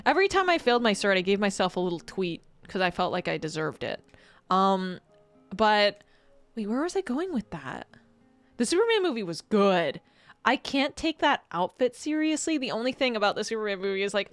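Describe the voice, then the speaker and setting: A woman's voice: mid-range voice, big pitch swings, brisk, soft background music. A woman streamer in casual chat, rambling and laughing often as she reads chat messages.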